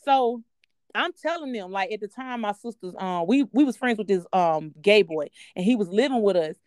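A woman co-hosting a podcast, telling a personal story in a candid, profane and animated way. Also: medium pitch, moderate pace, no room sound, studio quality. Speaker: podcast co-host. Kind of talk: casual storytelling chat.

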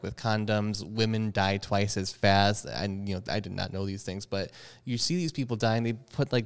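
Expressive young man, smooth clear voice. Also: on the low side. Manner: expressive, jokey, dramatic asides. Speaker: podcast co-host. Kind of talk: casual chat.

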